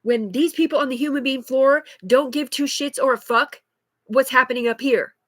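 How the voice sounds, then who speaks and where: High-voiced woman ranting agitatedly, dry sound. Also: moderate pace, no echo. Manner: agitated, rambling, heavy swearing. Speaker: livestreamer. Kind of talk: unscripted live monologue.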